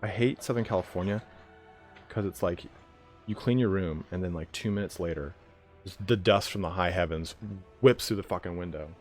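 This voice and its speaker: A man's voice: low-pitched, moderate pace, soft background music. A man hosting a live stream, chatting casually with viewers in a joking, profane way. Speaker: livestream host of a game league.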